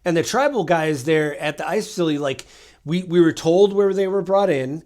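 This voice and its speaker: Guy with a slightly high voice on a politics podcast, retelling stuff he saw online, does the back-and-forth. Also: a little fast, a little mellow. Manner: storytelling, acts out quoted exchanges. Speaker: podcast co-host. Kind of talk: casual political chat.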